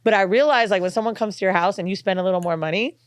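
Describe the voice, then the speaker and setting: A woman co-hosting a podcast, telling stories in a lively way and laughing through her lines. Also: medium pitch, very fast, dry recording. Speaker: podcast co-host. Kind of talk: casual podcast chat.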